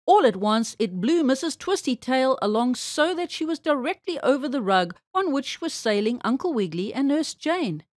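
Lively woman reading a children's story. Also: sits high, moderate pace, few pauses, no echo, clean studio sound. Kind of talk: children's read-aloud narration.

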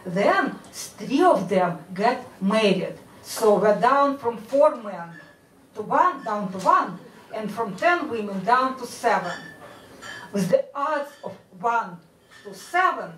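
A woman with a Russian accent doing a stand-up set on a comedy club stage, with a dry, measured delivery. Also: a little high, sing-song, distant mic, slight background noise. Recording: echoey club, mic heard from afar.

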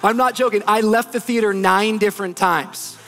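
A man's voice: high voice, steady tone, normal speed, fairly bright tone. A man in his thirties, a pastor delivering a sermon, telling a story with animation and building to emphatic preaching.

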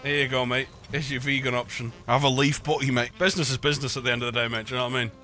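A man's voice: mid-range voice, level tone, very fast, sharp tone, soft background music. A man streaming a game, joking around casually and saying "mate" at the end of nearly every sentence. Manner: jokey, says "mate" constantly. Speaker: gaming streamer. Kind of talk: casual chat while playing.

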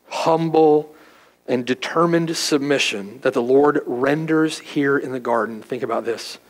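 A man preaching an expository sermon as pastor, emphatic and often asking "right?", then praying in a hushed, slow voice. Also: medium pitch, rough recording. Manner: hushed, slow in closing prayer.

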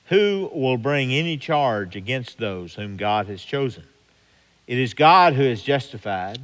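Slow, animated preacher man in a reverberant hall. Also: medium pitch. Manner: builds to loud emphatic rhetorical questions. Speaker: pastor. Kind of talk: mid-week Bible study sermon. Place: church sanctuary.

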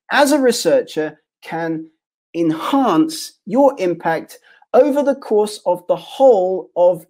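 Male webinar presenter, mellow warm voice, restates ideas in lists. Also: high voice. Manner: restates points in repeated lists of phrases. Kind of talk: online presentation to researchers.

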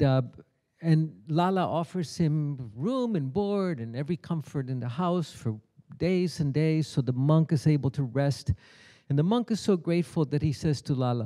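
A man's voice: on the high side, dark tone. A middle-aged man giving a keynote spiritual teaching, telling a parable and voicing its characters' lines. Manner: storytelling, acts out the characters' lines. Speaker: keynote speaker. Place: conference hall.

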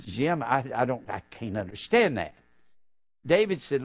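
An older man preaching a fervent sermon, drawing out key phrases slowly and breaking into sudden loud, high outbursts. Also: big pitch swings.

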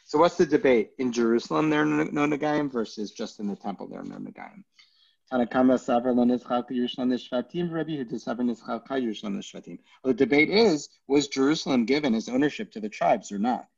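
A man's voice: medium pitch, animated, fast, gravelly, lo-fi sound. A man, a rabbi, teaching a Talmud class in an informal way, joking and thinking aloud with many fillers.

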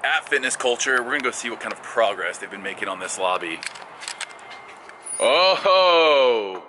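A man's voice: lowish voice, fast talker, bright, forceful tone. A young man chatting casually to camera in a playful, teasing vlog. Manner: playful, teasing, laughs a lot. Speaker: vlogger. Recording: echoey room, faint noise.

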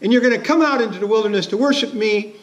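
A man's voice: high-pitched, fast talker, highs cut off, close to an everyday voice. A man voicing God as a reassuring father who promises care, quoted in a sermon.

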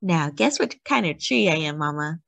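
A woman voicing an excited little girl in a storybook read-aloud, with a bright, eager and playful delivery. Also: deep voice, normal speed, vocal fry, dry recording, heavily acted.

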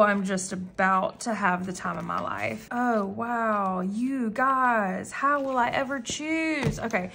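Woman, medium pitch, chatty and gushing, casual home vlog delivery. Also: noisy background. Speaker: planner vlogger. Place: common room at home, indoors.

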